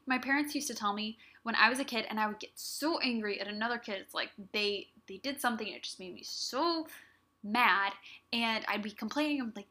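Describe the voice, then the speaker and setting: A woman's voice: medium pitch, moderate pace, pushed and bright. A young woman hosting her own podcast, giving an earnest, encouraging solo talk straight to her listeners. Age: young adult. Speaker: podcast host.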